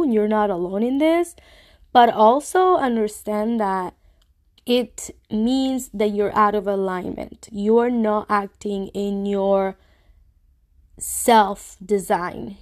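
A woman's voice: mid-range voice, darkish tone. A woman from the US hosting a casual solo talk, earnest and reassuring, with a stuffy, congested voice. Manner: reassuring, earnest, speaks to listeners directly. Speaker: podcast host.

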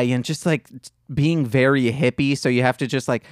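A man's voice: mid-range voice, fairly even intonation, unhurried, smooth, dry recording. Man, podcast co-host, casual chat, earnest, dry close sound.

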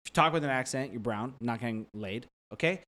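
Young guy rambling in a casual chat, lots of "like", mid pitch, jumps into little impressions. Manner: rambling, heavy use of "like" fillers; animated, drops into quick voice impressions.

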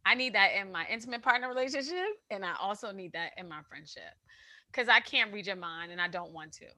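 A woman's voice: mid-range voice, fast, no echo. A woman co-hosting a casual chat, emphatic and slangy, telling stories with lots of energy. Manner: emphatic, slangy, animated storytelling.

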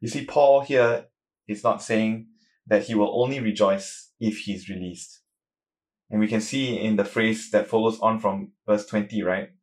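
With a steady tone and an unhurried pace, a man delivers an earnest, emphatic sermon about suffering. Between his points he reads scripture aloud, his pitch and volume rising as he does.

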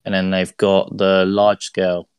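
Deep, flat-voiced man, guest. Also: unhurried, clear, resonant tone, no echo. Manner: loose, rambling explanations. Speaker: guest racer. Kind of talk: casual chat.

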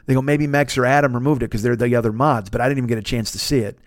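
A man's voice: mid-range voice, fairly even intonation, racing, no room sound, studio quality. A man in his fifties hosting a comedy podcast, telling a long story in a casual, profane way, full of restarts and self-interruptions. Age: 50s.

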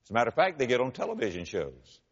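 A man preaching a sermon. He builds to loud, high cries when quoting prayers and repeats key phrases slowly for emphasis. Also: huge pitch swings, slightly rough, long reverb tail, lo-fi sound. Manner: preaching with dramatic rises in pitch and volume on quoted cries. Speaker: pastor.

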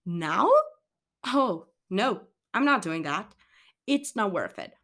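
A woman's voice: mid-range voice, sing-song, slow, fairly bright tone. Earnest woman giving candid life advice. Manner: earnest, rambling, self-correcting. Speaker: wellness vlogger. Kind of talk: candid motivational monologue.

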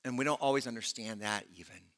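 A man preaching a sermon to a congregation, animated and conversational, acting out scripture dialogues. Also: mid-range voice, quick pace, big-room sound. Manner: animated preaching, voicing prophet and God in dialogue. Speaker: pastor.

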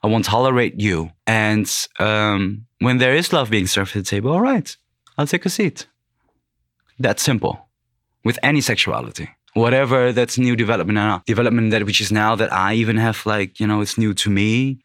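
A man's voice: fairly low pitch, fairly even intonation, normal speed, fairly bright tone, no echo, studio quality. A man in his thirties who grew up in the Netherlands, a podcast guest speaking bluntly and frankly in casual chat, swearing freely. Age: 30s.

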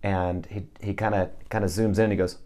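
A man's voice: sits low, level tone, a little fast, dark tone. A man who leads a ministry, answering interview questions with earnest stories and scripture in a preaching tone. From Texas. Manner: earnest, storytelling with scripture quotes. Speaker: ministry leader, guest.

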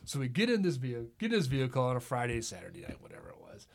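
A man's voice: medium pitch, wildly swooping pitch, rapid-fire, gravelly. A middle-aged man, a podcast guest, telling casual anecdotes, swearing freely and laughing often. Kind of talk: casual chat, storytelling.

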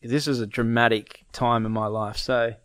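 A man's voice: medium pitch, fairly even intonation, moderate pace, a bit bright, clean tone, no room sound, studio quality. A young man casually telling a story, acting out his friends' lines and laughing often.

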